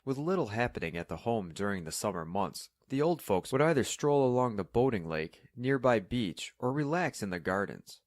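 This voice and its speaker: A man reading a story aloud in calm, measured scripted narration. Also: mid-range voice, no room sound, clean studio sound.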